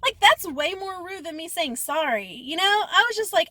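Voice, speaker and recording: A woman's voice: very high-pitched, animated, moderate pace, few pauses, bright, forceful tone, no echo. A young woman telling a story to the camera in a chatty, emotional way, full of "like" fillers. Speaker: vlogger. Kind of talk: casual storytime vlog.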